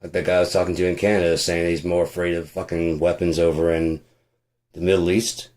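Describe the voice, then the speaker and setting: A man's voice: sits low, little pitch movement, brisk, a little mellow. A man giving a casual, profane, rambling rant with a sarcastic edge, as host of his own show. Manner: swears constantly, rambling, sarcastic. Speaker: podcast host.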